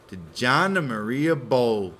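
A man's voice: mid-range voice, animated, takes it slowly, a bit bright, a little hiss or hum. A man, co-hosting a casual podcast from a garage, joking and swearing. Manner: joking, swears casually, puts on silly voices. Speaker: podcast co-host. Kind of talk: casual chat. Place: garage with a pellet stove.

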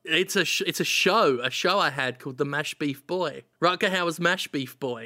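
A man's voice: on the high side, normal speed, hardly any pauses, pushed and bright. A man co-hosting a casual comedy chat, spinning absurd bits and acting out silly voices. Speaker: podcast co-host.

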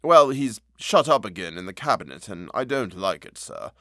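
A man's voice: lowish voice, big pitch swings, normal speed, fairly bright tone, no echo, clean studio sound, full character voice. A man voicing a frightened, loyal male manservant who speaks deferentially and doggedly. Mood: afraid.

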